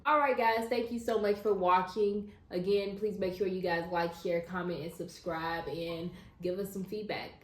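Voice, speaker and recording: Chatty woman with a lowish voice. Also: steady tone, normal speed, hardly any pauses, echoey room, poor audio. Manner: chatty, laughs often. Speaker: co-host. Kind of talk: casual chat.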